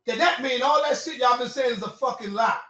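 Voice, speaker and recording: A man in a heated debate, pleading his point and trying to calm the other man down, calling him brother. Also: extremely high pitch, fairly quick, echoey room, recorded from a distance, highs cut off. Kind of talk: heated argument.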